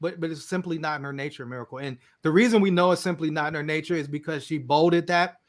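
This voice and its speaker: A man with a fairly high speaking voice co-hosts a podcast in a loose, conversational way. He leans on "you know" and "like" and chuckles between points. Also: fairly even intonation, fast talker. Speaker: podcast co-host. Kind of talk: casual discussion.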